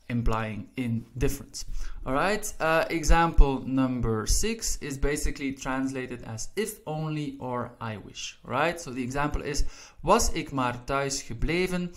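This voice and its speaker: Patient man teaching with steady checks. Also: medium pitch. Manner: repeats "right?" and "all right?" after points, slows down to read example sentences. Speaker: language teacher. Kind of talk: explaining lesson to viewers.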